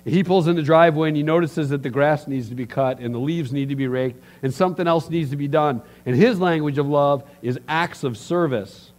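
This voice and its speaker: Speaking a little high and a little fast with few pauses, this middle-aged man preaches as a pastor. His sermon is full of stories, and he animatedly performs the voices of each character.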